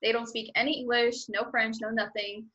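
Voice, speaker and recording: A woman with a fairly high voice tells a personal story as a guest. She talks casually and chattily, scattering "like" through her sentences, and acts out her own thoughts as she goes. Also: level tone, moderate pace, sharp tone, muffled recording. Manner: chatty, filler-heavy with frequent "like".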